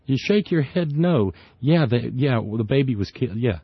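A man's voice: medium pitch, lively intonation, normal speed, breathy edge, dry recording. A man hosting a call-in radio show, rambling and opinionated with many restarts. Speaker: radio talk show host. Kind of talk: casual call-in radio talk. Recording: dry, slightly dull studio radio.

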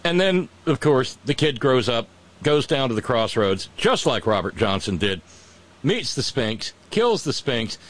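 A man in a casual chat who retells ancient myths with relish and irreverence. He talks in an animated, loose way, dropping in quick character voices. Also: mid-range voice.

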